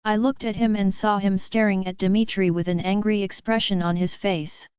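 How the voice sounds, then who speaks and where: Woman narrating with a very clear voice. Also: medium pitch, steady tone, normal speed, a little mellow, no echo, highs cut off. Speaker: audiobook narrator. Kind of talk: scripted first-person narration.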